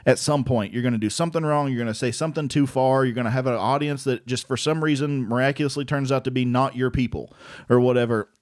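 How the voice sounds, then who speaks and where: A man and aspiring comedian, co-hosting a casual podcast chat, telling animated stories, swearing freely and laughing often. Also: medium pitch, quick pace, no room sound, clean studio sound.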